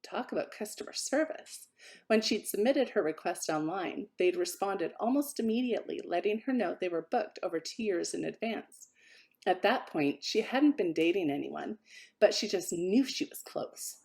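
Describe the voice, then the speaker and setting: A woman author reading an excerpt from her own novella with a lively, expressive delivery. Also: mid-range voice, normal speed, creaky.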